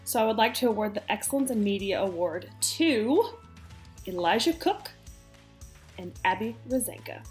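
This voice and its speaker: A woman's voice: medium pitch, animated, moderate pace, soft background music. A woman media teacher presenting awards in an upbeat, casual way with frequent fillers.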